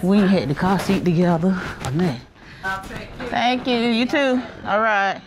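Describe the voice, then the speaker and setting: Walking the indoor halls and rooms of a hospital, a middle-aged woman from Alabama vlogs casually on her handheld phone, talking straight to her audience in a chatty way. Her Southern US voice is medium-pitched and moderately paced, and she sounds worn out and tired. Behind her there's a crowd and the general noise of the hospital.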